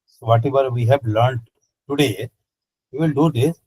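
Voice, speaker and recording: A man's voice: medium pitch, normal speed, darkish tone, breathy edge, dry recording, poor audio. A man asking questions in an online class, hesitant and searching for words. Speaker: student. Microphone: video call.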